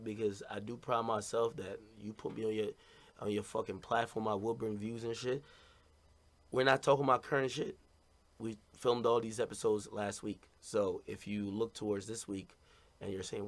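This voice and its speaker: Blunt rambling man streaming to fans. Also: mid-range voice. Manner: blunt, rambling, repeats "you know what I mean". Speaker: streamer talking to his audience. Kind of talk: casual stream monologue.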